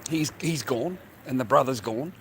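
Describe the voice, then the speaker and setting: A man's voice: medium pitch, lively intonation, normal speed, a bit bright. An older man with an Australian accent, livestreaming a blunt, profane street rant and calling everyone "mate" and "bro". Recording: noisy outdoor phone stream.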